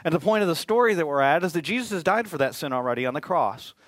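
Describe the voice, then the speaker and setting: A man's voice: fairly high pitch, animated, quick pace, a bit bright, dry recording. A male pastor preaching a sermon in a conversational way, with joking asides.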